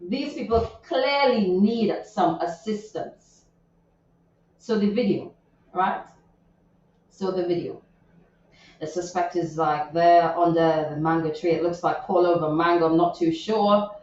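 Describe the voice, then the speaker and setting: This morning show host's voice is lowish and darkish, and she speaks unhurriedly about a viral news story she's reading from social media. She's chatty and indignant, full of asides; the studio sound is very echoey, distant and dull, with a little hiss or hum.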